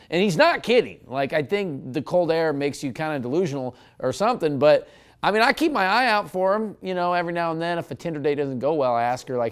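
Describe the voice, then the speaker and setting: A man's voice: fairly high pitch, expressive, clear, resonant tone. A male comedian telling a story in an interview, chatty and self-mocking. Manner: quick, chatty, self-mocking, many likes.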